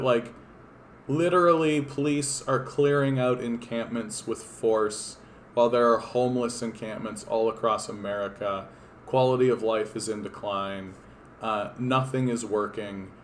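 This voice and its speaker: A man's voice: medium pitch, unhurried, slight background noise. A man from Canada hosting a political livestream, talking in a casual, rambling, profane and sardonic way with lots of fillers and restarts.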